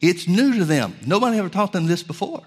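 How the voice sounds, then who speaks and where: A male preacher teaching from scripture, reading verses slowly with stress on key words and calling his listeners folks. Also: sits high, animated, slightly rough. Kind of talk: Bible teaching sermon.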